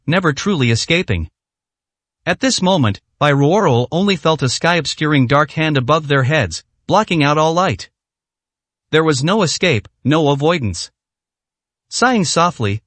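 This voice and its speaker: A male narrator reading a serialized fantasy story in a steady, even storytelling manner. His voice is a bit high for a man. The sound is dry and close, with no room echo. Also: normal speed. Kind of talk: scripted narration.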